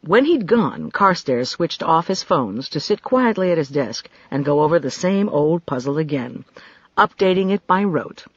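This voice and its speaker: A man's voice: on the high side, sing-song, normal speed, no room sound. Male audiobook narrator, dry close sound. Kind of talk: scripted narration. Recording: dry, slightly dull audiobook recording.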